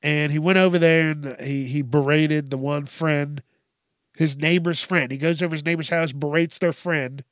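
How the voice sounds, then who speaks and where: A man's voice: fairly high pitch, fairly even intonation, moderate pace, fairly bright tone, no room sound, clean studio sound. A man hosting a casual news commentary show, swearing constantly and laughing at his own stories.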